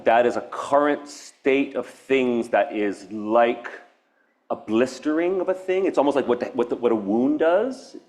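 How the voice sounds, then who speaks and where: A man's voice: mid-range voice, a little mellow. Hawaiian guy giving an art talk, earnest and rambly, jumps around, lots of restarts. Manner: meandering, nonlinear, with frequent restarts and laughs; reflective, earnest. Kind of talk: public artist talk. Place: university event space.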